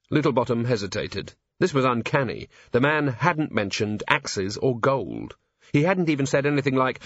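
A man's voice: mid-range voice, animated, moderate pace, no echo, dull audio. Man narrating an audiobook, dry sound. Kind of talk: scripted narration.

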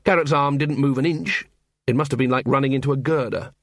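In clean studio sound with no room echo, a male audiobook narrator delivers scripted narration of a story. His mid-range voice moves fairly quickly, and the reading is wry and expressive.

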